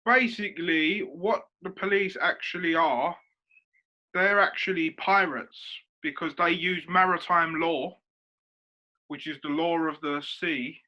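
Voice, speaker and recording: A man explains a point step by step in a casual chat, giving examples as he goes. His voice is bright and a little high. The recording sounds muffled and lo-fi. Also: steady tone, measured pace. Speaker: podcast co-host.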